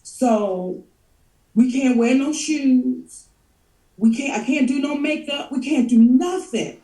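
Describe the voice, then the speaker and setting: A middle-aged woman telling stories as a guest in a casual chat, animated, laughing often and cursing freely. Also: sits high, slow, recorded from a distance. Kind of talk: storytelling chat. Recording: echoey room.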